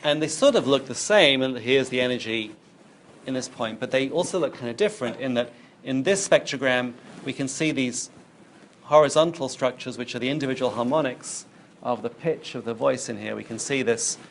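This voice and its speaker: A man's voice: mid-range voice, moderate pace, slight background noise. A man giving a recorded university lecture, explaining while he demonstrates on screen and thinks aloud.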